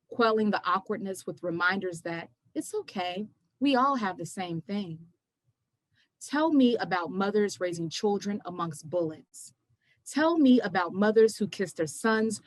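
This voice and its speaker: A young woman poet reading her poems aloud at a virtual event, measured and emphatic, pressing hard on the questions. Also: mid-range voice, dry recording. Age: young adult. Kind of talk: poetry reading. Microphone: video call.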